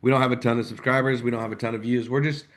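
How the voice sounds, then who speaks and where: A man's voice: mid-range voice, little pitch movement, rapid-fire. A man co-hosting a live sports podcast, ranting heatedly, his voice jumping up when he gets worked up. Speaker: podcast co-host.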